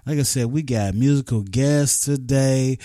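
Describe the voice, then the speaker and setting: A man hosts a radio show with an easygoing, rambling flow, piling on slang and casual asides. His voice sits at a mid pitch, and the recording is dry and close, with no room sound. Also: measured pace, mellow, dry recording. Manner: loose, rambling, chatty with vernacular.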